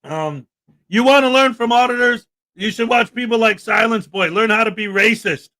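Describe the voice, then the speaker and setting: A livestream host rants at a moderate pace in a strikingly high-pitched voice. Bright and cutting in tone, he sounds sarcastic and indignant as he fires back at chat comments.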